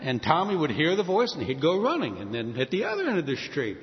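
A man's voice: fairly high pitch, wildly swooping pitch, fast, in a large hall, dull audio. A man from New Orleans preaching a sermon, telling stories and acting out sing-song calls. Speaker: pastor.

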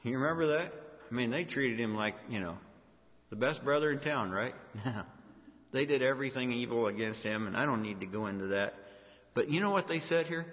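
A man's voice: fairly high pitch, expressive, normal speed. A man pastor delivering a sermon, preaching emphatically and asking the congregation rhetorical questions. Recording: echoey hall, dull lo-fi sound.

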